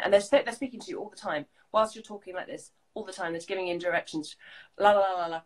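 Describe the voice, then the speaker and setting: A woman, a guest in an interview, talking in a lively, chatty way with many restarts and acted-out quotes. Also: mid-range voice, fairly quick, poor audio. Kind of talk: casual interview chat.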